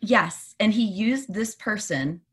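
A woman who is a podcast guest, telling personal stories in an animated way and laughing often. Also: mid-range voice, takes it slowly. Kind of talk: conversational interview.

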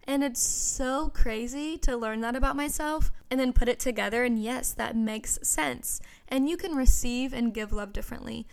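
A young woman hosting her own podcast, talking casually and earnestly with lots of "you know" asides. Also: fairly high pitch. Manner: chatty, earnest and gushing, with frequent "you know". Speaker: podcast host. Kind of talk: casual solo podcast chat.

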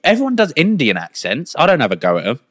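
A man's voice: a little high, fast talker, dry recording, studio quality. A young man co-hosting a podcast, rambling through ideas in casual, sweary chat. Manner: rambling, animated, swears freely. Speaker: podcast co-host.

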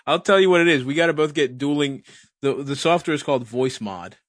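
A man co-hosting a comedy podcast, joking crudely in casual talk. His voice is slightly high, and the recording is dry and close, with no room sound. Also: lively intonation, a little fast, dry recording. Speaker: podcast co-host.

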